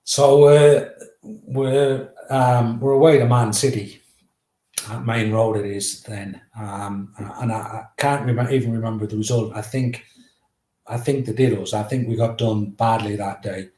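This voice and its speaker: English man guest, animated yarn-spinner, roomy echo on the voice. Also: medium pitch, a little slow. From England. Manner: animated, swears freely, acts out teammates' shouts. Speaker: guest author. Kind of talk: storytelling anecdote.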